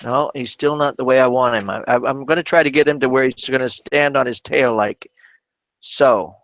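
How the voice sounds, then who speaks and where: A man's voice: medium pitch, normal speed, fairly bright tone, no room sound, poor audio. A man hosting a live crafting stream, chatting casually while he works, often restarting and repeating words. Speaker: crafting channel host.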